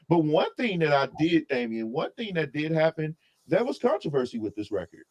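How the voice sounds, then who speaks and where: A man co-hosting a casual album review, talking in an opinionated, animated way full of asides and restarts. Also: on the high side, normal speed.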